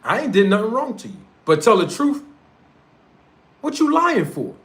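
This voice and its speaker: Speaking at normal speed, a North Philadelphia streamer and show host rants confrontationally on his livestream in street slang. His high-pitched male voice is very animated and a bit bright.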